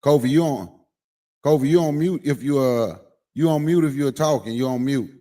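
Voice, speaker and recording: A man's voice: medium pitch, moderate pace, mellow. A man from Mississippi presenting history in a laid-back, casual way, with Southern vernacular. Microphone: online call.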